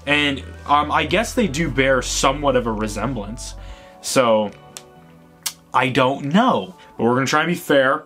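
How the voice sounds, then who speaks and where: Profane, excitable male movie vlogger. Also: medium pitch, unhurried, soft background music. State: tired. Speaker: host. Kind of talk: ranting movie vlog.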